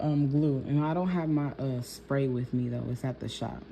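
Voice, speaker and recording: A woman's voice: very deep voice, measured pace, creaky, a crowd in the background. A young woman nail technician telling a personal story in a chatty, laughing vlog style, talking to viewers as y'all.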